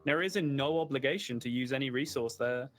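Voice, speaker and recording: A man's voice: medium pitch, quick pace, faint music behind. A man casting a live card game tournament, explaining plays at length with lots of casual fillers. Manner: analytical, filler-heavy explaining. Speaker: esports caster.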